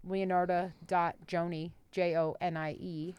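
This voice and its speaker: A woman's voice: on the low side, little pitch movement, a little slow, clean tone, lo-fi sound. A woman stand-up comic, a podcast guest, chatting in a brash, joking way. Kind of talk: casual podcast chat.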